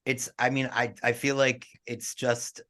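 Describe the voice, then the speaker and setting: A man's voice: mid-range voice, level tone, measured pace, fairly bright tone. Man co-hosting a casual podcast. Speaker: podcast co-host.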